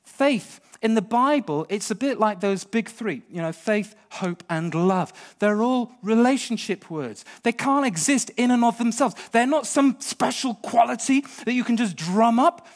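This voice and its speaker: A middle-aged British man preaching a sermon, swinging between hushed storytelling and impassioned pleading. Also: very high voice, expressive, unhurried, hardly any pauses.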